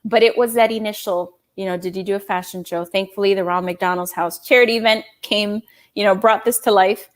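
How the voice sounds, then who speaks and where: A woman in her thirties telling her own story in an interview, animated, laughing often and acting out quoted dialogue. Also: mid-range voice, brisk. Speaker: guest, small business owner and designer.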